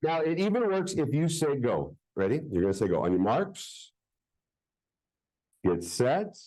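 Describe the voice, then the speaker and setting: A man's voice: mid-range voice, sing-song, measured pace, warm tone, poor audio. A man performing a live magic show for children at a public library, joking playfully with the crowd.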